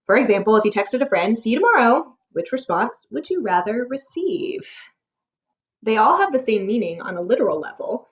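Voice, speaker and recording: A woman teacher narrating clearly. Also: mid-range voice, lively intonation, normal speed. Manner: clear, explanatory, with rhetorical questions. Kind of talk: scripted narration for a test-prep lesson.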